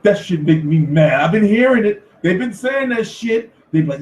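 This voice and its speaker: A man hosting a casual commentary show, talking in an animated, profane rant. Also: high voice, normal speed, few pauses, slight background noise. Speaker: host. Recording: echoey room, far from mic.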